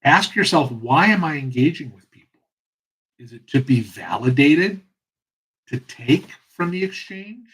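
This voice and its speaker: Earnest man with a husky voice. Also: a little high, expressive, fairly bright tone, low-quality recording. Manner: earnest, passionate, pauses and restarts. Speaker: host. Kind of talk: reflective solo talk.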